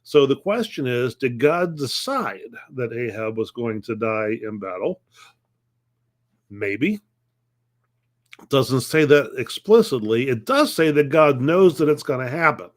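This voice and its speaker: A man's voice: medium pitch, big pitch swings, unhurried. A middle-aged man pastor teaching a conversational Bible lesson, posing questions and answering them, often restarting phrases. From United States.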